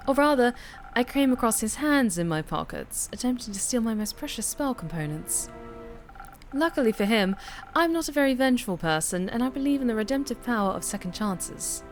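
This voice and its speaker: A woman voicing a pompous, self-important female high cleric investigator, speaking formally and grandly. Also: lively intonation, a little fast, soft background music, close to an everyday voice. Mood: formal, self-assured.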